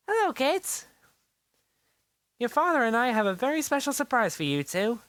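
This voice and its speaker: A performer voicing a gentle, doting mother in a homemade story, high and sing-song. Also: big pitch swings, moderate pace, dry recording, studio quality.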